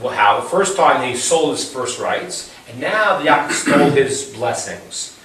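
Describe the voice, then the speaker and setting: This Torah teacher's mid-range, fairly bright voice moves at an unhurried pace with lively intonation. He's running an informal Bible class, chatting through the story and asking rhetorical questions. Heard from far off in a very echoey room, the audio has a faint hiss.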